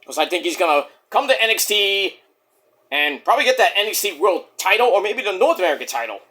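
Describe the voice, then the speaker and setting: A man's voice: high voice, sing-song, fast talker, pushed and bright. A man giving a casual, profane review of a wrestling show, ranting and acting out what people said. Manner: profane, ranting, acts out quotes.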